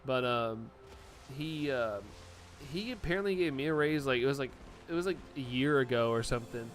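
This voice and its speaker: A man's voice: medium pitch, normal speed, slight background noise. Chatty, giggly young male streamer. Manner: chatty, laughs often, reacts to chat messages. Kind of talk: casual live-stream chat.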